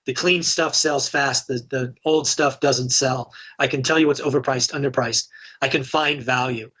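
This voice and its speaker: A man's voice: mid-range voice, fairly even intonation, moderate pace, sharp tone, husky. A middle-aged man, a real estate investor telling his story candidly in a casual podcast interview. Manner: candid, conversational, many restarts.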